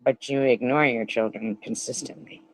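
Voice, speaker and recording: A woman's voice: a bass voice, moderate pace, no echo, low-quality recording. A woman giving angry, profane reaction commentary, ranting and hurling insults back at a clip she is watching. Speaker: commentary streamer.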